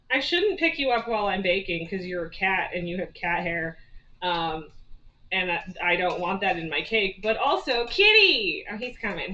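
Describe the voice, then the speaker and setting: A woman's voice: mid-range voice, pushed and bright, roomy sound, far from the mic, highs cut off, a little hiss or hum. A woman streaming from her home kitchen, chatting casually and laughing often while she baby-talks to her cat. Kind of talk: casual live-stream chat while baking.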